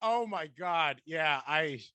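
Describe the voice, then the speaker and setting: Lively young man hosting a podcast. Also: fairly high pitch, slow pace, smooth, no room sound. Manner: animated, laughs often, storytelling with quoted voices. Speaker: podcast host. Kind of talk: casual chat.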